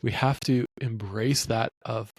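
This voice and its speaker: A man's voice: medium pitch, fairly even intonation, unhurried, slightly rough, dry recording. A middle-aged man hosting a podcast, speaking earnestly and supportively as he shares stories. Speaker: podcast host. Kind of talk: podcast conversation.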